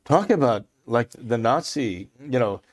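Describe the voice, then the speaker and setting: A man giving impassioned religious commentary, emphatic and repeating phrases for stress, clearing his throat often. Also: medium pitch, expressive, a little slow.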